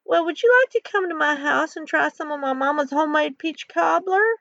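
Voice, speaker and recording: A woman's voice: high-pitched, brisk, vocal fry, a bit bright, no room sound, pitched above the performer's own voice. A woman voicing a friendly young cowgirl who speaks sweetly and soothingly. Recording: dull lo-fi recording.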